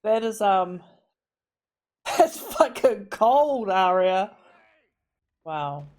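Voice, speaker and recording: A woman's voice: medium pitch, big pitch swings, very slow, a little mellow. A woman hosting a reaction video, blurting emotional, blunt comments with plenty of swearing. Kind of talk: casual TV show reaction.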